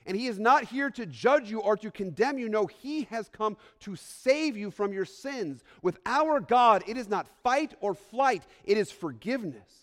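A man, a pastor, giving an earnest, emphatic Christmas sermon to his congregation, repeating phrases for weight and sometimes restarting a word. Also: high-pitched. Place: church sanctuary. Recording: long reverb of a large hall.

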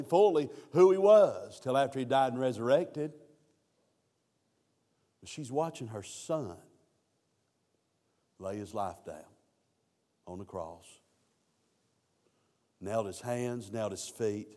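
A man's voice: mid-range voice, slow pace, long pauses, warm tone. Preacher man in a reverberant hall. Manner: storytelling preacher who voices biblical quotes. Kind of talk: sermon.

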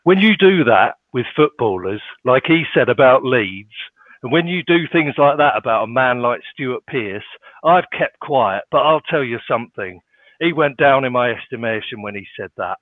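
A man's voice: mid-range voice, lively intonation, moderate pace, no room sound, close to an everyday voice. A man doing an impression of an indignant middle-aged football manager in a northern English accent, emphatic and repeating his point. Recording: tinny dry phone-line sound.

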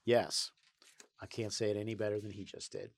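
A man co-hosting a casual political chat, wry and mocking, with many pauses and ums. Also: lowish voice, flat delivery. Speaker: podcast co-host.

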